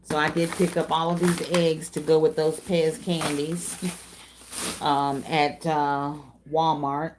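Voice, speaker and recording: A woman's voice: deep voice, little pitch movement, slow, background noise. A middle-aged woman, chatting casually on a craft livestream, reading viewer comments and calling them y'all and darling. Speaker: craft channel host.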